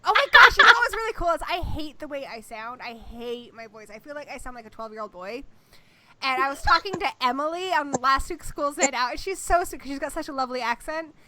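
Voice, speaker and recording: A woman's voice: high-pitched, expressive, very noisy. A woman hosting a livestream, chatting casually in an upbeat, joking way; she grew up in Australia. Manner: chatty, upbeat, quick to joke. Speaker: host.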